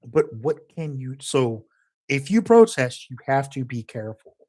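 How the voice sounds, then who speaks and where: A man's voice: medium pitch, big pitch swings, a little slow, a little mellow. A man delivering a heated, profane political rant as a commentator, emphatic and angry throughout.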